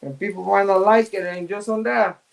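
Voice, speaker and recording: A middle-aged man hosting a live show, chatting casually in street slang and giving shout-outs to viewers. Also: sits high, fairly even intonation, normal speed, gravelly. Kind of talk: casual chat, reading out viewer comments.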